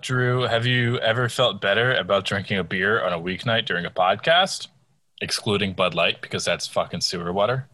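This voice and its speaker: A man's voice: lowish voice, normal speed, bright, forceful tone, no echo. A young man co-hosting a podcast, tipsy, rambling and swearing in mock outrage. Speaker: podcast co-host. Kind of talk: casual drunk podcast banter.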